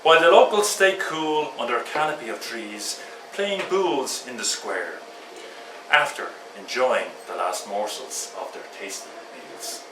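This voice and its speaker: A man tells his story and reads a poem at an open mic, his voice rising and falling in a lively way. He is picked up from a distance in a roomy pub with noise behind him. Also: medium pitch, a little slow. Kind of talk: chatty preamble and poetry reading. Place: pub function room.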